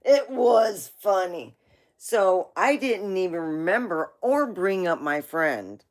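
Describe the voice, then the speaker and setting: Woman livestream host, slow rambling story, laughs a lot, swears some. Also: mid-range voice, animated. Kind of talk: casual storytelling.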